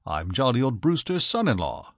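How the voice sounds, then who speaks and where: A man voicing a cheerful, airy young upper-class gentleman in an audiobook reading. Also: mid-range voice, sing-song, moderate pace, dry recording, clean studio sound. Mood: breezy.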